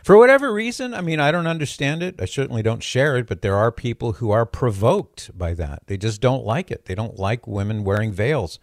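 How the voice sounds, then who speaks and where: A man's voice: mid-range voice, animated, fairly quick, hardly any pauses, no room sound, studio quality. An older man hosting a radio call-in show, chatty and joking with a lightly sarcastic edge. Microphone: studio microphone.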